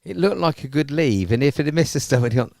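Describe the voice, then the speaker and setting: A man's voice: on the high side, animated, fast talker, gravelly, darkish tone, no room sound, clean studio sound. A man chatting casually as a co-commentator at a club cricket match, laid-back and self-deprecating.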